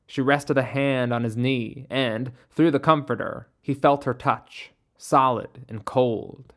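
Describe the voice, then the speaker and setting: A narrator reading a ghost story in a measured, steady way. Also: medium pitch.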